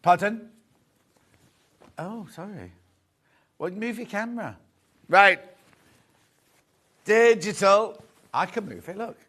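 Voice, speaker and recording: Male shopping-channel host, light higher voice, jokey and chatty, corrects himself as he goes. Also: expressive, slow, pauses often, fairly bright tone. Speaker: shopping TV presenter. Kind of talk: live selling chat, reading viewer messages. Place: TV studio.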